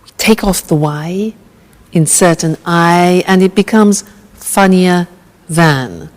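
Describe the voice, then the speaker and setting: A woman teacher leads a slow, deliberate grammar drill in a lowish voice. She is patient and encouraging, and her words ring in a roomy hall. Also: expressive. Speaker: English teacher.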